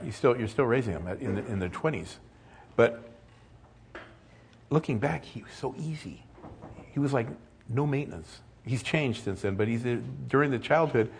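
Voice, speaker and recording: A man's voice: fairly low pitch, breathy edge. An older man preaching a sermon as pastor, conversational with joking asides.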